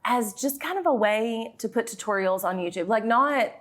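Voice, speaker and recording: A woman in her thirties with a thick Southern American accent, a guest in a casual podcast interview, talking in a chatty, animated way. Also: on the high side, normal speed. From Southern United States. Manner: chatty and animated, acts out her own past lines. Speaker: guest, YouTube creator and business owner.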